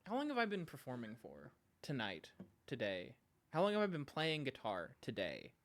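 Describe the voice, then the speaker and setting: A podcast host livestreams from home with his dog, chatting casually with viewers, rambling, poking fun at himself and often trailing off mid-sentence. His mid-range voice swings hugely in pitch at a moderate pace, a bit bright, with slight background noise.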